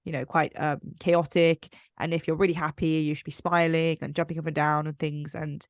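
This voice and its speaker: A woman's voice: deep voice, little pitch movement, normal speed, no echo. A woman hosting a podcast interview, reflecting on her guest's points and summing them up with frequent fillers. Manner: reflective, summarizing, many fillers. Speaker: podcast host.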